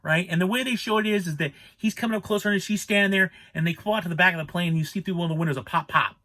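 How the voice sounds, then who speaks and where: A man's voice: high voice, rapid-fire, sharp tone. A man giving a casual spoken movie review, rambling and exasperated, restarting his sentences as he rants.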